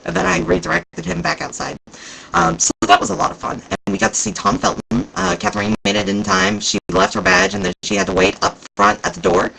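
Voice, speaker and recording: A man vlogging casually about a convention, rambling and excitable, with plenty of fillers. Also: sits high, a little fast, creaky, slight background noise, rough recording. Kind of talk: casual chat recounting events.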